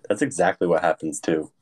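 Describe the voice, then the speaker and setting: Deep-voiced laid-back young man. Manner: laid-back, laughs a lot, swears casually. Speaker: podcast co-host. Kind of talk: casual chat.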